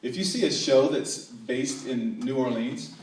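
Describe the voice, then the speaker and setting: Chatty comedian in an echoey hall. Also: male voice, mid-range voice, a little slow, a little mellow. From North Carolina. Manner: chatty, playful, frequent asides to the audience. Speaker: stand-up comedian. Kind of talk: stand-up comedy set. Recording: echoey hall, distant mic, faint ambience.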